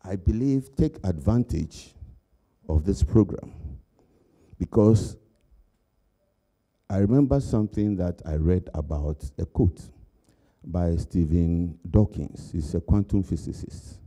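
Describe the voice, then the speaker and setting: A man's voice: deep voice, slow, long pauses, mellow. An older man giving a conversational keynote speech, telling anecdotes and laughing at his own jokes. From Ghana. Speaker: keynote speaker.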